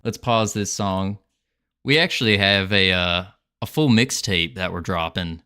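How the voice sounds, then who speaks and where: A man with a lower, bright and forceful voice chats slowly and playfully on a livestream. He jokes with viewers and laughs often, with faint music playing behind him. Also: clean tone. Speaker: game developer streamer. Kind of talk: casual livestream chat.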